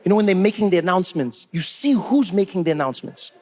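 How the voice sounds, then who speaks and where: A man from Africa, telling stand-up stories with animated disbelief. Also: sits high, fast. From South Africa. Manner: animated, incredulous storytelling. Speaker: stand-up comedian. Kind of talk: stand-up comedy.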